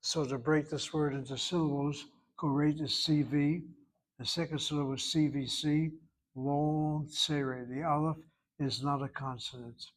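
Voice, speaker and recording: Man teaching Hebrew grammar, slightly high voice. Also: fairly even intonation, a little slow. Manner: patient, explanatory, stresses pronunciation. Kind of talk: classroom grammar lesson.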